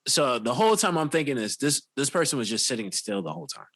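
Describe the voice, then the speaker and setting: A man's voice: mid-range voice, big pitch swings, quick pace, a bit bright, dry recording. A man co-hosting a podcast, telling a long casual story full of "like" and restarts. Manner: rambling, filler-heavy with "like" and restarts. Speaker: podcast co-host.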